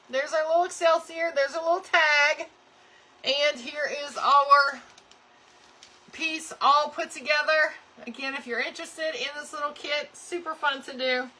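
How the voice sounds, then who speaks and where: A middle-aged woman hosts a live craft tutorial. Her voice sits a little high and sounds very bright. She chats cheerfully with her viewers the whole time she works. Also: a little hiss or hum. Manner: chatty, cheerful, talks to viewers while working. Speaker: craft channel host.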